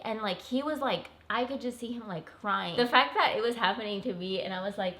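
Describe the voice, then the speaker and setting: A woman's voice: mid-range voice, fairly quick, a bit bright, slight background noise. A young woman vlogger telling a personal story in an emotional, earnest way, full of "like"s and close to tears. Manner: tearful, earnest, filler-heavy with many "like"s.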